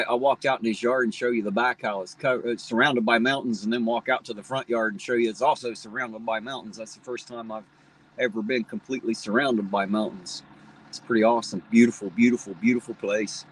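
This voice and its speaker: This livestream host is a middle-aged man from the Appalachian Ohio Valley, where Kentucky, Ohio and West Virginia come together, and his lowish voice carries a slight Southern drawl. Chatting folksily and wandering from topic to topic, he reads out comments from viewers. Some hiss or hum comes through on the poor-quality recording.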